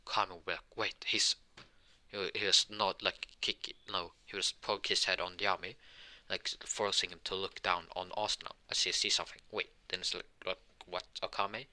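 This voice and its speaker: A man with a low voice and a sharply bright tone tells an improvised fan story. He rambles, restarts sentences and leans on filler words as he goes. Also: flat delivery, brisk. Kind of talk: improvised fan-fiction narration.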